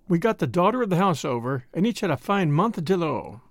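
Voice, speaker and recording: A man's voice: sits high, sing-song, brisk, few pauses, no room sound, studio quality. A man reading a first-person literary story aloud in a wry, understated manner. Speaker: audiobook narrator.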